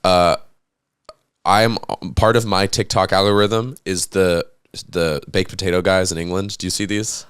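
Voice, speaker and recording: A man's voice: sits low, steady tone, measured pace, a bit bright, clean tone, no echo. A man, a podcast guest, telling stories in a laid-back casual chat and laughing often. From United States.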